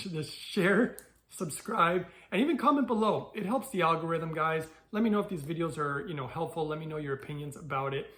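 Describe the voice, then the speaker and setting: A man's voice: a little high, fairly bright tone. A man hosting his own video channel, talking casually to viewers in a rambling way, with repeats and fillers. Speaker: channel host. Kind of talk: casual talk to camera.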